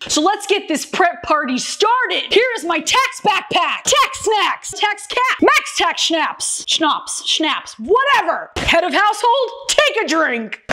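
A woman in a comedy sketch playing an upbeat, scatterbrained worker who is quickly distracted, talking in a chirpy, scattered way. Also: high-pitched, fairly bright tone, exaggerated voice. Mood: forced-cheery.

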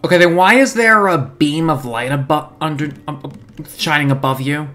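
A man's voice: fairly high pitch, normal speed, pushed and bright, faint music behind. A man commentating a video game playthrough in a jokey, sarcastic way with sudden yelps. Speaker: let's-play gamer.

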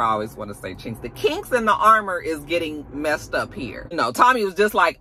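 A young adult woman recapping a TV episode in a sassy, animated, casual way, acting out the characters' lines. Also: sits low, a little fast, hardly any pauses. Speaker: TV show reviewer.

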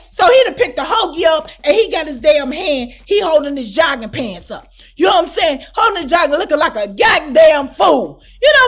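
A woman telling a storytime vlog story in a casual, animated and profane way, often asking her listener whether they follow. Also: sits high, normal speed. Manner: animated, profane, keeps asking "you know what I'm saying?". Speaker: storytime vlogger.

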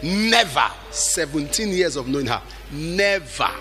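A middle-aged man preaching a sermon with emphatic delivery, at times shouting and acting out the people he quotes. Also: on the high side, big pitch swings, unhurried, faint music behind.

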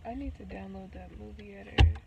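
A woman's voice: mid-range voice, quick pace, creaky, distant mic, phone-quality sound. A tipsy woman chatting in a rambling way in a casual vlog. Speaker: vlogger. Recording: noisy background.

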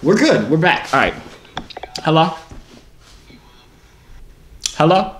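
A man's voice: fairly high pitch, very animated, slow pace, a bit bright, reverberant, a little hiss or hum. A young man hosting a video, bantering and teasing strangers in slangy casual chat. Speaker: video host.

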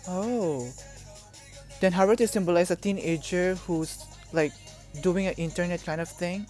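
A woman's voice: fairly low pitch, a little slow, dark tone. Gushing young woman reacting to a music video. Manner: gushing, emotional, exclaims often.

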